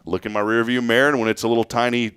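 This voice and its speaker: A man's voice: mid-range voice, flat delivery, rapid-fire, fairly bright tone, clean tone, dry recording, clean studio sound. A man hosting a morning show, chatting casually, joking and rambling with frequent restarts. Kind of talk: casual chat.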